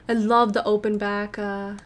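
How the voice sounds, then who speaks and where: Her voice sits mid-range, slow and flat in delivery. She's a young gaming channel host doing casual let's-play commentary on a life-sim game from her bedroom, rambling cheerfully and reacting out loud as she plays.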